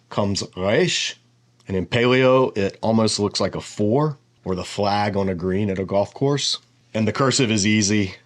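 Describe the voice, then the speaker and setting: A man with a lowish voice gives a casual lesson. He thinks aloud as he goes and explains each letter patiently, in an easy, unhurried way. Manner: relaxed, thinking aloud with fillers. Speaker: teacher.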